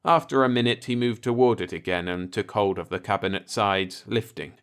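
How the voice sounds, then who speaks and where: A man reading a short science fiction story aloud in a calm, measured audiobook narration. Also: lowish voice, smooth.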